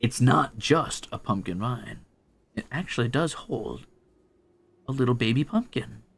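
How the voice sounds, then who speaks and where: A man's voice: mid-range voice, lively intonation, measured pace, gravelly, husky. A man streaming while he draws, chatting casually and rambling, muttering to himself and teasing his cat. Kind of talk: casual chat while drawing.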